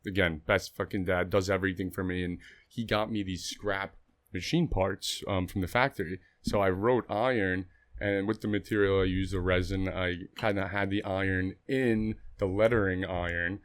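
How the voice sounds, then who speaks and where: A man appearing as a guest artist on a podcast, telling his story in a relaxed way with fillers and the odd swear word. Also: low voice, normal speed. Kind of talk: casual chat.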